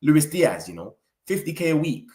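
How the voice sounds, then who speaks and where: Slangy young British man, casual chat. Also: on the high side. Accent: British English. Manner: animated, slangy, quick asides. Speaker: football fan vlogger.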